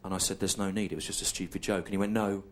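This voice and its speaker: A male stand-up comedian telling a long story in a deadpan, slow, repetitive way, over audience laughter. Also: low voice, noisy background.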